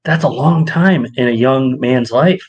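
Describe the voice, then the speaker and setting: A man's voice: measured pace, slightly rough, lo-fi sound. A man co-hosting a casual podcast chat, telling stories and acting out quoted voices with a lot of energy. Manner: animated storyteller, acts out quotes with rising pitch. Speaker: podcast co-host.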